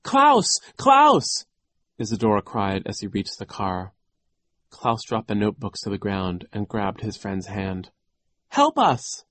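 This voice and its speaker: A man reading a storybook as an audiobook narrator, in a measured, deliberate way. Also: lowish voice, level tone, dry recording.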